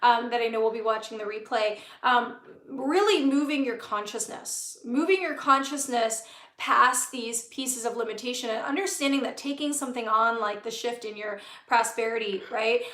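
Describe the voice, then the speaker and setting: A woman's voice: a little high, normal speed, a bit bright, reverberant. A woman hosting a live-stream talk as a spiritual business coach, speaking earnestly with many fillers and repeated phrases.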